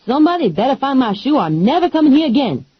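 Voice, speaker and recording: A woman voicing a loud, bold, mouthy grown woman who talks brash and indignant. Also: high-pitched, very animated, fast talker, slightly rough, no echo, highs cut off, pitched above the performer's own voice, full character voice. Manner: brash, indignant, street-tough talk.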